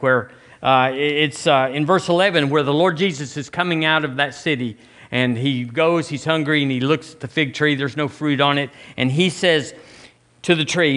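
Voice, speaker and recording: Conversational preacher, slightly high voice. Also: male voice, fairly bright tone. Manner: conversational preaching with repeated restarts. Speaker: pastor. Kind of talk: sermon.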